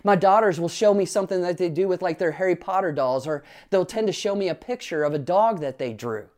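Preaching as a pastor, a man earnestly puts rhetorical questions to his listeners and shares stories from his family life. He has a high-pitched, slightly mellow voice and a brisk delivery.

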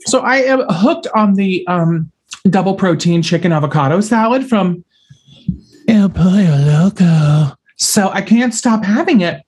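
A man's voice: high-pitched, unhurried, breathy edge. A man hosting a podcast, telling funny stories and acting out every scene dramatically. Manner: dramatic, animated storyteller who acts out scenes. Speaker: podcast host. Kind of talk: podcast chat and storytelling.

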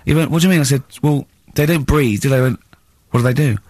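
A man's voice: mid-range voice, fast talker, no echo, clean studio sound. A man with an English accent hosting a comedic radio show, mocking and telling stories with frequent giggling. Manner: giggly, mocking, animated storytelling. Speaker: radio host. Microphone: studio microphone.

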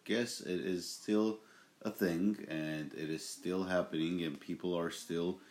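A man's voice: sits low, steady tone, unhurried, darkish tone. A young man hosting a casual home podcast, rambling with fillers and restarts. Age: young adult. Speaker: podcast host.

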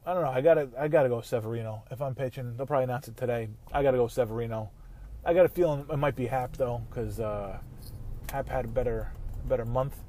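A man's voice: medium pitch, quick pace, warm tone. A man ranting in a casual, profane, rambling way while driving in his car. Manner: heated, swearing, rambling. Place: inside a car.

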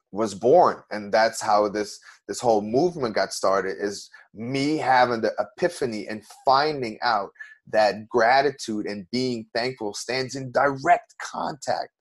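A man's voice: mid-range voice, husky. A man, an interview guest, telling a personal story in an earnest, emotional way with many restarts.

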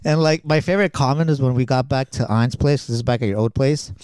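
Brief: laid-back man, mid pitch, smooth clear tone, rambling storyteller, dry sound. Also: fast talker, a little mellow, no room sound. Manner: rambling with many fillers, laughs at his own story. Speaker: friend telling stories. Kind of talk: casual chat.

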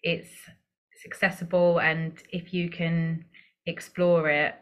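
Woman podcast host, lower-pitched, reflective, encouraging, casual interview. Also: little pitch movement, takes it slowly, clear, resonant tone.

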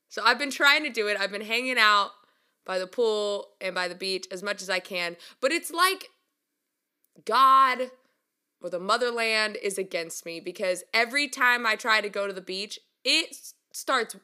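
A young woman telling a story casually and mocking herself, laughing often and jumping up in pitch when she acts out quotes. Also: normal speed. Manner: chatty and self-mocking, laughs a lot; animated, voice jumps up when acting out quotes. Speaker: vlogger.

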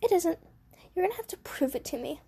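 A woman's voice: very high voice, animated, fairly quick, mellow, voice pushed up. A woman voicing a bratty, vain little schoolgirl who whines and boasts while playing a game. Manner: whiny, self-important.

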